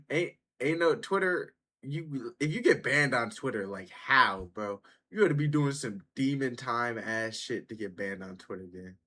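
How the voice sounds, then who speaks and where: Husky-voiced man riffing in blunt slang. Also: medium pitch, animated, normal speed, few pauses, bright, forceful tone. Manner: blunt, profane, laid-back slang. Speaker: reaction video host. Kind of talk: casual reaction commentary.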